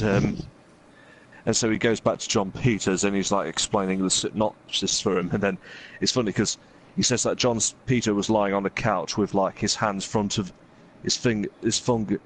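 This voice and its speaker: Rambling low-voiced man telling a story. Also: steady tone, moderate pace, a little hiss or hum. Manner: rambling, full of fillers and "he's like" asides. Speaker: gaming video host. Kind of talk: casual storytelling while playing a game.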